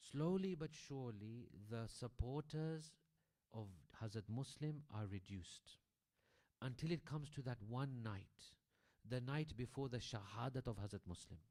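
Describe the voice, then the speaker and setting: A male preacher telling a story in a sermon, swinging between hushed tones and loud emphasis. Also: a little high. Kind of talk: sermon narration. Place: community centre prayer hall.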